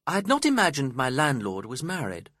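A man reading a story aloud as its narrator, in a slow, measured and expressive way. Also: medium pitch, no room sound, studio quality.

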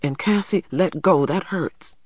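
A man's voice: on the high side, a little slow, no room sound, clean studio sound, voice pushed up. A man reading a storybook, voicing a stubborn, protective boy who speaks harshly and adamantly. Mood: pained. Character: stubborn protective eldest boy, about twelve.

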